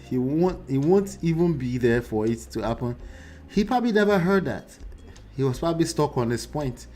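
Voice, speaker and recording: A man's voice: medium pitch, a little mellow. A man hosting a live reaction show, talking animatedly to his chat, often mocking and laughing.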